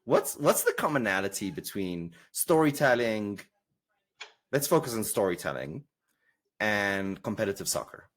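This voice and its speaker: A man with a South African accent hosting a podcast interview, animated and prone to false starts. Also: on the low side, moderate pace. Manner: animated, repeats words when starting. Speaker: podcast host. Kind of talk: interview conversation.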